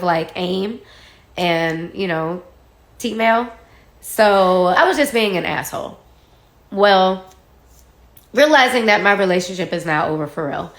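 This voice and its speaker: Woman guest, casual storyteller, mid-pitched voice, lively delivery, echoey room. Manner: animated, acts out quoted dialogue, laughs while telling. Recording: roomy echo.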